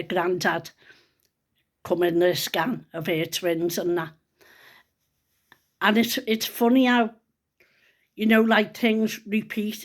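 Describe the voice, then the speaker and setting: A middle-aged woman, chatting to camera and telling a personal story in a rambling, earnest way. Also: on the low side. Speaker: vlogger. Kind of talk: casual chat to camera.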